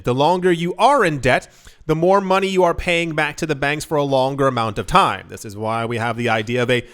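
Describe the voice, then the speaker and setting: A man's voice: on the high side, a bit bright. A young man hosting a crypto news show, talking in a loose, rambling way with many asides and self-corrections. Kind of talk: casual news commentary.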